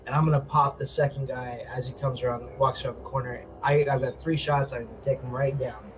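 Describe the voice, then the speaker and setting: A man's voice: medium pitch, steady tone, fairly quick, background noise. Man laying out a plan at the table. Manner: lays out plans step by step with fillers. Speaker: player. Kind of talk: casual tabletop game chat.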